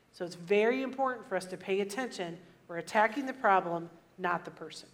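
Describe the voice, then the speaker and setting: A woman's voice: medium pitch, brisk, few pauses. A woman teaching at church about relationships, repeating catchy sayings for emphasis. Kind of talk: sermon teaching.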